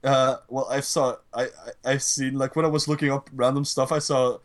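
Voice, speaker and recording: A man's voice: mid-range voice, little pitch movement, moderate pace. A man co-hosting a casual podcast chat, ranting in a rambling, profane way. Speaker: podcast co-host.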